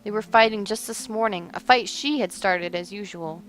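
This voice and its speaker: A woman reading a romance story aloud as narrator, expressive and measured. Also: mid-range voice, faint music behind.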